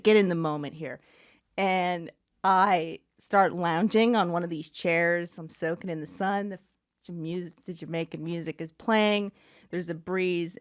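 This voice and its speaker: A woman telling a story on a podcast, animated and laughing as she goes. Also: fairly low pitch, no room sound, studio quality. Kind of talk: casual storytelling.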